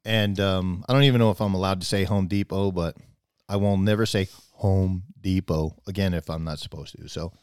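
A man with a lowish voice tells a long story in casual chat. He rambles and restarts his sentences, and he voices the other people in the exchange as he goes. The sound is dry and close, with no room around it. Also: steady tone, moderate pace, a little mellow, smooth, no room sound.

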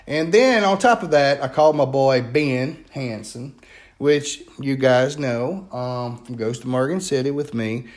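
A man's voice: medium pitch, measured pace. Chatty man with a Louisiana accent. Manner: chatty and animated, many fillers. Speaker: paranormal investigator. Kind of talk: casual storytelling.

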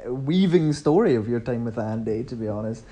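A man hosting a casual podcast chat, relaxed and rambling, laughing often. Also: mid-range voice, fairly quick. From Scotland. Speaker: podcast host.

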